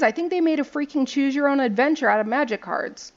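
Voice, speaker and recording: A young woman with a gravelly, creaky voice rambles playfully as she opens digital card packs, reading rules text and poking fun at the art. The recording is a little dull and lo-fi. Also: high voice, expressive, quick pace. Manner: chatty and playful, reads card text aloud and jokes about the art. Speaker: gaming video host. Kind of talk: casual commentary while opening card packs.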